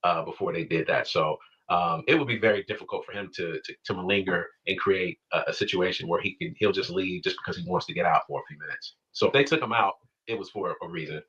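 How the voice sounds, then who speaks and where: A man who worked in prisons, explaining in a news interview with a measured manner and many fillers. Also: low-pitched, fairly bright tone, breathy edge. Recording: dull lo-fi news clip.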